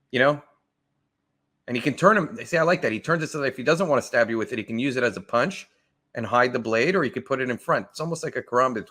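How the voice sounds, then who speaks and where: A man's voice: mid-range voice, fairly bright tone. Enthusiastic man reacting to martial arts. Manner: enthusiastic, thinks aloud with frequent restarts. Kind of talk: casual reaction commentary.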